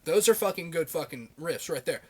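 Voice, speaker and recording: A man talking straight to camera about his favorite heavy metal records. His voice sits a little higher than most men's. He swears constantly and slides into heated, animated rants. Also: a little fast, husky. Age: adult, married. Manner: profane, animated, ranting. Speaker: vlogger reviewing metal albums. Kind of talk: casual rant.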